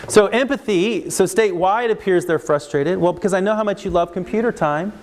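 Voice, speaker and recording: A man counseling parents and teachers, talking casually and acting out what kids and adults say. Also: on the high side. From United States. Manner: animated, acts out kid and adult voices. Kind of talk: instructional talk with acted examples.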